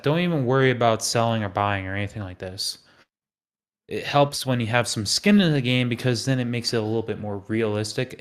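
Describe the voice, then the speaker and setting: A man hosting a live trading stream, talking casually and acting out panicked traders' thoughts. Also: mid-range voice. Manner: animated, acts out panicked inner voices.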